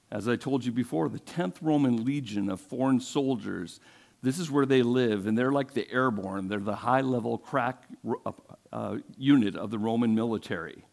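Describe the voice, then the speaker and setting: A man's voice: mid-range voice, vocal fry, darkish tone. Man, pastor, sermon, conversational storytelling, questions to the congregation.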